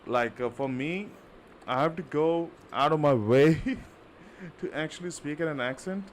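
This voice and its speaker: An Indian man with an Indian accent livestreams a game, chatting casually and rambling with lots of fillers. His voice sits on the high side and moves a little slowly, with slight background noise.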